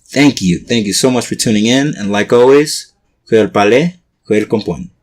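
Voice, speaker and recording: A man teaching everyday classroom phrases in a relaxed, patient way, as a language lesson host. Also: fairly low pitch, moderate pace. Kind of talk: explaining vocabulary for a language lesson.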